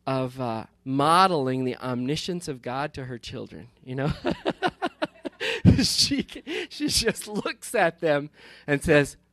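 A man's voice: mid-range voice, expressive, slow, a bit bright, no room sound. A pastor in his fifties talking from the pulpit in a rambling, good-humored way, often restarting his sentences and laughing. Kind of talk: casual talk from the pulpit.

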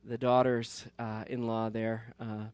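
A man's voice: mid-range voice, little pitch movement, slow pace, a little mellow, clear, resonant tone, dry recording. A pastor in his fifties talking from the pulpit in a rambling, good-humored way, often restarting his sentences and laughing. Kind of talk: casual talk from the pulpit.

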